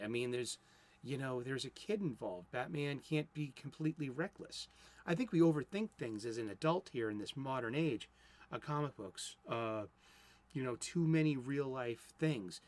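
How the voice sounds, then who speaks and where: Boston guy in his 50s rambling about old comics, kinda high voice, lots of ums and restarts. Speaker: comics vlogger. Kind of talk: casual solo monologue.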